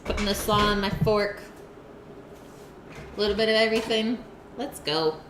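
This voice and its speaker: A woman's voice: mid-range voice, moderate pace, fairly bright tone. A woman hosting a live cooking stream, chatting casually with her viewers between bites and reading their messages aloud. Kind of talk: casual chat with viewers while eating. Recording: roomy, noisy home stream audio.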